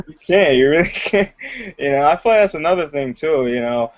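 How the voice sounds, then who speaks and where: A man's voice: a little high, animated, brisk. Chatty young man, muffled audio. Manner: loose and chatty, heavy with "like" and "you know", laughs often. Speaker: guest, aspiring comedian. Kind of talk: casual interview chat. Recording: dull lo-fi audio.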